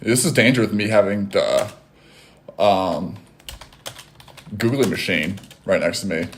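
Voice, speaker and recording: A man hosting a casual live stream from his phone, talking with chat in an animated, loose way with casual swearing. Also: lowish voice, measured pace, slight background noise.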